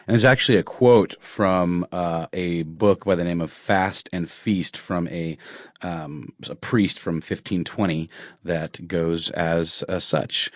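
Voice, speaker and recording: A man co-hosting a podcast in casual chat, easygoing and quick with a joke. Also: low-pitched, no room sound, studio quality. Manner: joking, easygoing banter. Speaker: podcast co-host.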